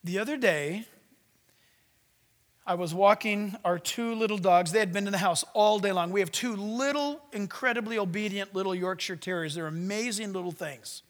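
A man preaching a sermon, swinging from loud commands to hushed asides. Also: high-pitched, normal speed, in a large hall. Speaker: pastor.

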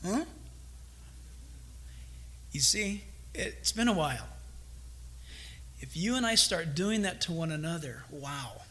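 A male pastor preaching a sermon, animated and acting out little quoted exchanges between churchgoers. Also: a little high, slow, long pauses.

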